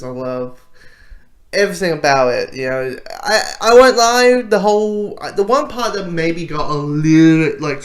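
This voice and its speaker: A young man giving a casual, rambling review, enthusiastic and full of restarts. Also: a little high. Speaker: video reviewer.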